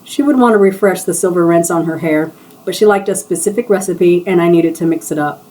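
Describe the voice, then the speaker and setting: A woman's voice: fairly low pitch, brisk, dark tone, rough recording. A woman reading her own novel aloud in a live session, shifting her voice for the characters' dialogue.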